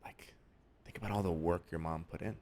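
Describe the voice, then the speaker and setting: A man and father, a podcast guest, speaking reflectively and gently emphatic in casual chat. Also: low voice, fairly even intonation, fairly quick.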